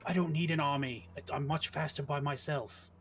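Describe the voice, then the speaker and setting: A man's voice: fairly high pitch, fairly even intonation, normal speed, slight background noise. A man playing a tabletop game, arguing in character in a blunt, matter-of-fact way. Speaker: player.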